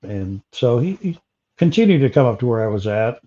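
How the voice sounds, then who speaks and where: A man telling an interviewer about a personal encounter, pausing often with fillers and restarts. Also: mid-range voice, big pitch swings, warm tone, dull audio. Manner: halting, many fillers and restarts. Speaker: interview guest.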